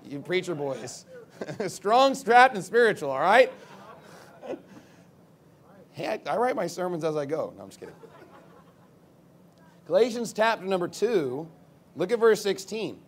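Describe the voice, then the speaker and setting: High-voiced pastor preaching off the cuff. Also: male voice. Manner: off-the-cuff, rambling, then emphatic when reading scripture. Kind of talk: sermon.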